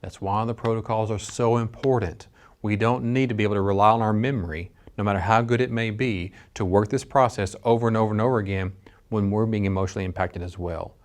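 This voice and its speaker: A man's voice: on the low side, steady tone, fast talker. A middle-aged man giving a training lecture as a dispatch instructor, earnest and conversational with frequent restarts. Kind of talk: training lecture with personal story.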